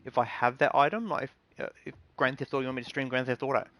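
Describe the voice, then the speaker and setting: Male streamer, mid-pitched, earnest and rambling, dry close sound. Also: fairly even intonation, very fast, fairly bright tone, no room sound. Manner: rambling, earnest advice with many ums and restarts. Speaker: game streamer. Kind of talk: casual live-stream talk.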